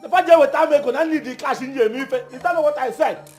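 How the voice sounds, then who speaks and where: A man's voice: high voice, very animated, takes it slowly, roomy sound, faint music behind, heavily acted. An actor playing a young village man accused of murder, pleading and indignant, with a Nigerian accent.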